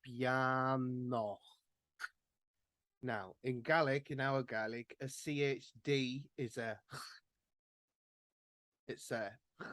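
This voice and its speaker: A man gives an online lesson and sounds out each word slowly and carefully, then asks learners to repeat. His voice sits in the middle range for a man. The computer mic sounds very dry and close. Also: mid-range voice, no echo. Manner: slow, careful word-by-word pronunciation. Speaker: Gaelic language tutor. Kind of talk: online workshop teaching pronunciation. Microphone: computer microphone on a video call.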